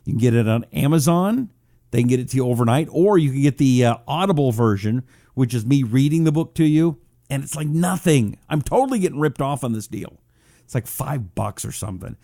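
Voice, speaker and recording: A man's voice: medium pitch, dark tone, no echo, studio quality. A middle-aged man hosting a talk show, chatting casually and reading out viewer check-ins. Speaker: radio talk show host. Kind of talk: casual live-stream chat.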